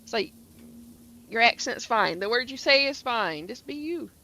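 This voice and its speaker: Brief: Southern woman game streamer, bright and a bit high, rambling, chatty. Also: lively intonation, moderate pace. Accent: Southern US (Georgia). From Atlanta area, Georgia, US. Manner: rambling, chatty, many fillers and restarts. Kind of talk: casual stream chat.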